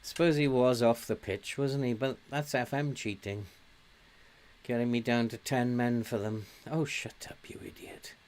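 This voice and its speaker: A man's voice: medium pitch, fairly even intonation, moderate pace, a little mellow, slight background noise. A man doing casual let's-play commentary, grumbling and mocking himself, and scolding the players on screen. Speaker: gaming commentator.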